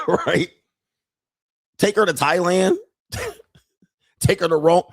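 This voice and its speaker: A man hosting a podcast, telling a story in a profane, animated way with frequent laughter. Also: sits high, very slow, no echo, clean studio sound. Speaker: podcast host. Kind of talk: casual monologue.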